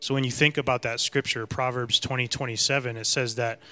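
Bright-voiced man giving a calm reflection. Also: medium pitch, fairly quick, clean tone, faint music behind. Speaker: co-teacher in a congregation. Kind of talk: sermon reflection.

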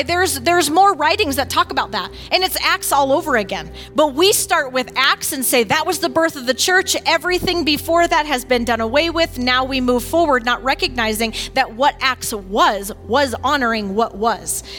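A woman with a high, bright, ringing voice talks through a point of faith with energy and emphasis. She often drops into acting out what others say, and faint music plays underneath. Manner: emphatic, animated, acts out others' words. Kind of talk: casual teaching talk on faith.

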